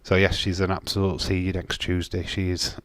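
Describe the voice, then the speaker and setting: A brisk, slightly bright, low voice with a level tone and no room sound belongs to a man from Castleford, Yorkshire, England. Hosting a live stream in his Yorkshire accent, he's blunt and casual, swears freely, and keeps restarting his sentences. He's reading viewer comments in a watch-along.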